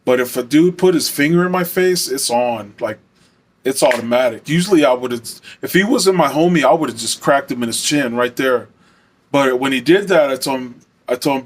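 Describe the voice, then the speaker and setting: A man's voice: medium pitch, moderate pace. A young man from Arizona telling a story in a casual, rambling way, full of fillers and frequent swearing.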